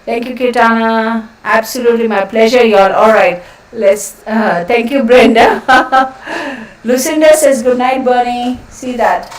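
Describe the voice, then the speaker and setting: A woman's voice: fairly high pitch, steady tone, measured pace. A chatty woman hosts a casual live stream from home, laughing often as she thanks viewers by name. Her voice sounds echoey and a little distant from the mic. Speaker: live stream host reading chat. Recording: roomy, voice a bit off-mic.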